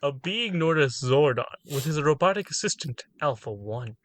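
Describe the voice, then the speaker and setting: A man's voice: on the high side, lively intonation, moderate pace, a bit bright, no room sound. A man hosting a comedic fanfic reading, reading narration and breaking off to joke. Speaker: reader and host.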